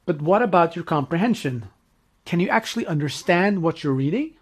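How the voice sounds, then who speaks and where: A man narrates a learning lesson in a scripted, explanatory way. His voice sits somewhat high for a man. He keeps an even, informative delivery. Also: brisk, breathy edge.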